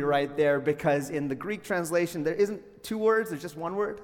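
A young man preaching to his congregation, upbeat and friendly, slipping in joking asides. His voice sits a little high for a man. It rings out with the long reverb of a school hall. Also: brisk, few pauses. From Calgary, Canada. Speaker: pastor. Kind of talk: sermon. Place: school hall used for church.

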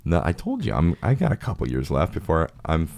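A young man with a very deep, low voice chats loosely on a podcast. He rambles through silly stories and slips into quick acted voices for the people in them. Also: huge pitch swings, vocal fry, darkish tone. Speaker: podcast host. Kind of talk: casual chat.

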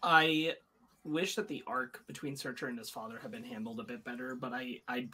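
A man's voice: medium pitch, steady tone, moderate pace, bright, forceful tone, breathy edge. A man co-hosting a podcast, talking through a review in a casual, hesitant way with many ums and uhs. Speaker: podcast co-host.

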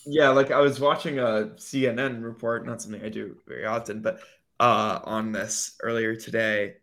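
A man's voice: fairly low pitch, fairly even intonation, moderate pace, a bit bright. A man co-hosting a podcast in casual chat, rambling with many fillers and putting on mocking voices when he quotes others. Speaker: podcast co-host.

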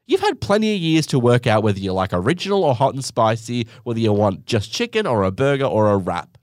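A young Australian man telling a story on his podcast, sarcastic and animated, acting out other people in high mocking voices. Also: fairly quick, few pauses, no echo, clean studio sound. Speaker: podcast host. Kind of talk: casual storytelling monologue.

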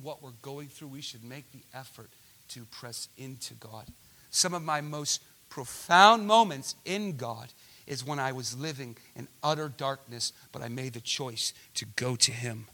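A man preaching a sermon who asks his listeners rhetorical questions and builds to passionate shouts. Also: mid-range voice. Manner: impassioned, rising to shouts at climaxes.

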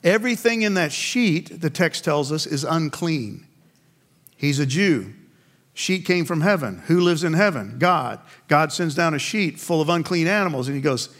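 This male pastor preaches at a normal speed, his fairly high voice animated and a bit bright. Posing questions to the congregation, he supplies the answers himself, and he gives the figures in the biblical story their own voices when quoting them.

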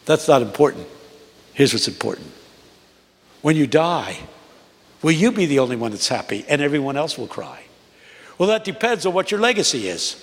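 A man in his eighties preaching a sermon to a congregation, with a rhythmic cadence that climbs to high, emphatic peaks. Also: big pitch swings, normal speed, long pauses. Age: 80s. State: unwell. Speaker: guest preacher. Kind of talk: sermon with storytelling. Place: large church. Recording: long reverb of a large church.

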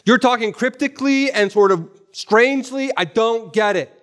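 A high-voiced preacher plays a bewildered male disciple who bluntly says he is lost. His complaint comes out exasperated and plain. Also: normal speed, fairly bright tone. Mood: confused.

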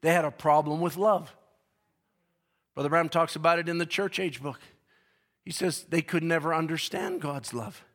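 High-voiced preacher, shouting then hushed. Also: male voice. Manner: swings from shouted peaks to hushed, slow scripture reading; drawn-out, emphatic repetition. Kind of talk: sermon.

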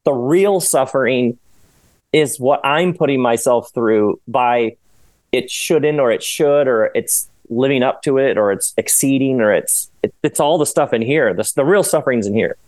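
A man talking as a podcast guest, rambling and animated, often laughing as he goes. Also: medium pitch, moderate pace, no echo. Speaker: author and guest. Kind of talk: casual podcast conversation.

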